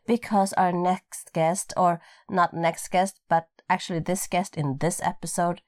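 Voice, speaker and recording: A woman with a Swedish accent co-hosts a relaxed podcast in English, her first language being Swedish. She ribs her co-host in a playful, teasing way. The sound is close and dry, with no room in it. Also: lowish voice, measured pace, dry recording. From Sweden. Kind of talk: casual podcast chat. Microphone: podcast microphone.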